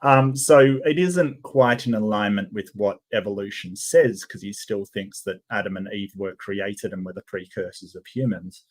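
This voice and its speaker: Male debater, low voice, modest casual chat. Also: moderate pace, hardly any pauses. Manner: mild, self-effacing, laughs easily.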